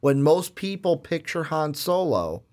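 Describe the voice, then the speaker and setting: Animated young man co-hosting a movie chat. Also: on the high side, measured pace. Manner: rambling, animated, swears now and then. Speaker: podcast co-host.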